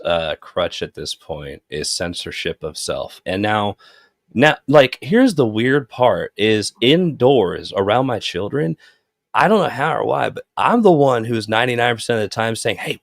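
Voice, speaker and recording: A man's voice: medium pitch, expressive, measured pace, creaky, no echo, studio quality. A man talking in a loose, rambling and profane way in a casual chat, hosting a live stream. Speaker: host.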